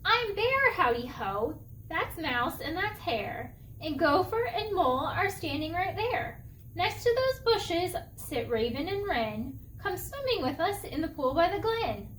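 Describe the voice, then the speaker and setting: Friendly storybook bear, puzzled, keeps asking who, a woman reading aloud, slow and high. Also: sing-song, fairly bright tone, a little hiss or hum, heavily acted, low-quality recording. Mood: welcoming. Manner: keeps asking who, rising insistent questions.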